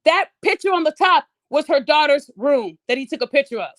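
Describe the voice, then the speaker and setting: A woman hosts her podcast in a high, clear voice and delivers heated, mocking commentary full of profanity and disbelief. The sound is dry and close, with no room echo. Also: lively intonation, brisk, a bit bright. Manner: acts out quoted people in raised, sing-song voices. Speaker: podcast host.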